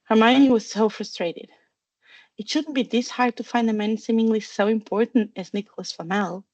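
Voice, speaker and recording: A woman narrating a fan fiction storybook with steady, even reading. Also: fairly high pitch, normal speed, dry recording, muffled recording. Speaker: audiobook reader.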